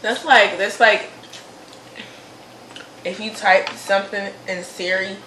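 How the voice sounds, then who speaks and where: A woman's voice: medium pitch, steady tone, takes it slowly, bright, forceful tone, reverberant, slight background noise, rough recording. A young woman teasing her mother in a casual chat, laughing often.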